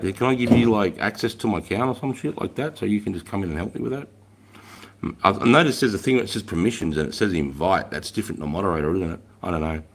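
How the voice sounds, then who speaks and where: Blunt, very deep-voiced Australian man. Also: vocal fry. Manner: profane, blunt, acts out shouted orders. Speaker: livestream host, ex-army instructor. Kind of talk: casual livestream storytelling.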